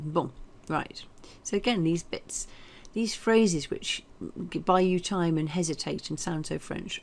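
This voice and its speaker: A woman with a somewhat low voice runs a French lesson. She talks in a chatty, explanatory way, full of fillers and small hesitations. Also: a little slow, vocal fry, hardly any pauses. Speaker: French teacher. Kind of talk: recorded language lesson.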